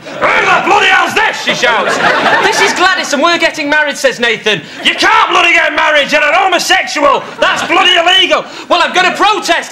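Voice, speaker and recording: A brash script pitcher. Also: male voice. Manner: cheeky storyteller doing campy quoted voices. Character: brash man pitching a camp TV scene. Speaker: sketch actor. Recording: studio audience laughter, noisy.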